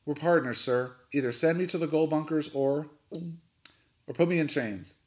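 A man's voice: on the high side, measured pace, darkish tone, pitched above the performer's own voice, lightly acted. A man voicing an earnest, brave twelve-year-old boy who speaks up eagerly.

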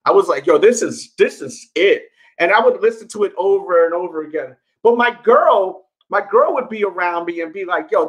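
Rambling high-voiced man chatting casually. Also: a bit bright, low-quality recording. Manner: rambling and candid, lots of fillers. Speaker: sneaker YouTuber. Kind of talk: casual solo commentary.

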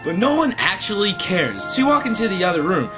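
A young man trades mocking put-downs in an improvised comedy skit. His voice is high and very animated. Music plays behind him. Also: brisk. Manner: mocking and dismissive, lively storytelling. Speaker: comedy sketch performer.

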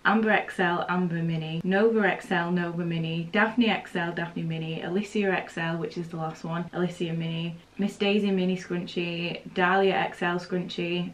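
A woman who owns a small business, chatting casually to the camera in her home studio, excitable and giggly. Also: on the low side, low-quality recording. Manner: excitable, giggly, talks to camera while packing. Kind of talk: casual vlog chat.

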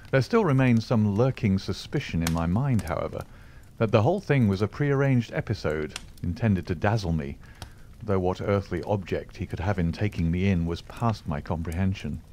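A man narrating an audiobook in a measured, storytelling way. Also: sits low, a little mellow, slight background noise. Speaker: audiobook reader.

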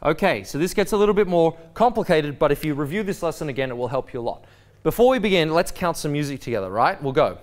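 A man teaching a dance lesson, explaining clearly and encouragingly, singing his counts with lively inflection. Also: fairly high pitch, brisk. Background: piano music.

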